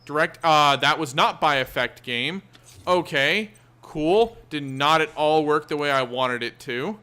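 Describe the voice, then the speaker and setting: A man's voice: fairly high pitch, a little slow, bright, forceful tone, smooth. A man hosting a gaming channel, chatting casually and thinking aloud as he plays. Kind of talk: casual let's-play commentary.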